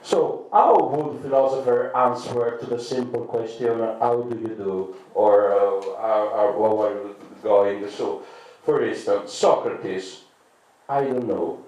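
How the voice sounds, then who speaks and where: Male stand-up comic, Italian accent, slow and halting non-native English, very roomy club sound, distant mic. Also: on the low side, darkish tone. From Italy. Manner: halting, hesitant English with frequent restarts. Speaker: stand-up comedian. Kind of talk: stand-up comedy set. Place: comedy club stage, indoors. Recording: roomy echo, mic from afar.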